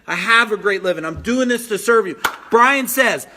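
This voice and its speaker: Energetic male business coach, very high, sharp voice, pushy and repetitive, live from home. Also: moderate pace. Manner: energetic, pushy, repeats phrases for emphasis. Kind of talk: motivational live-stream talk reading viewer comments.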